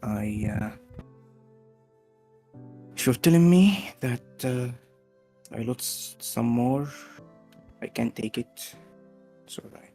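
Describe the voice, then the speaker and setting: A man voicing a homely, weary mother with graying hair, talking softly. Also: mid-range voice, lively intonation, slow, pauses often, soft background music. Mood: pleading.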